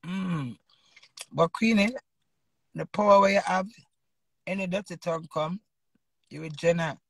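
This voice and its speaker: Woman, Jamaican accent, middle-aged, gravelly voice, dry close sound, boisterous, casual vlog rant. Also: lowish voice, a little slow, no echo. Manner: boisterous, laughs often, talks in patois. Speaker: vlogger. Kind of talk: casual rambling rant to viewers.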